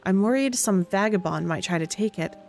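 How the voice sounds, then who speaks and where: A woman's voice: medium pitch, brisk, gravelly, darkish tone, soft background music, natural voice. A woman voicing a scraggly old woman who coaxes and wheedles with folksy endearments in a game. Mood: sly coaxing. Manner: sly, coaxing, folksy endearments.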